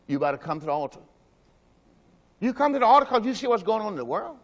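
A man preaching a sermon as pastor. He talks emphatically, asks the congregation questions, and drops into low quiet asides. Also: very animated, fast. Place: church sanctuary. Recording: long hall reverb from a church service.

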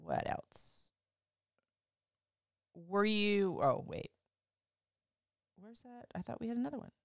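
A woman's voice: mid-range voice, huge pitch swings, takes it slowly, creaky, no echo. A woman hosting a podcast, telling a personal story in a chatty, casual way, swearing freely and using "like" often. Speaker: podcast host.

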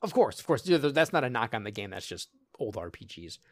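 A man's voice: medium pitch, sing-song, fast talker, no room sound, clean studio sound. A man co-hosting a casual podcast, telling stories animatedly, acting out lines of dialogue and laughing often. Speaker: podcast co-host. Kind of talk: casual chat.

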